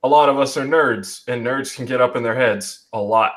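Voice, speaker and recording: Young male host, video-call chat, reflective, meandering, mid-pitched. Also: normal speed, fairly bright tone. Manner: reflective, talks in restarts with um and you know. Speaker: host of an online group chat. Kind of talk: casual discussion.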